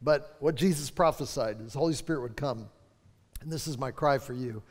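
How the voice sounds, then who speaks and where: A pastor delivers a fervent sermon in a medium-pitched voice at a fairly quick pace, stretching out key phrases for emphasis. The recording carries the long reverb of a large hall.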